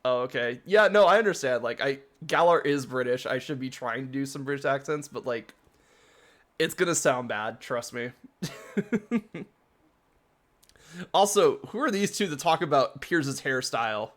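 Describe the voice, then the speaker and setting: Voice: mid-range voice, animated, a little slow, fairly bright tone. A game streamer giving casual let's-play commentary, chatty and rambling, often breaking into laughter.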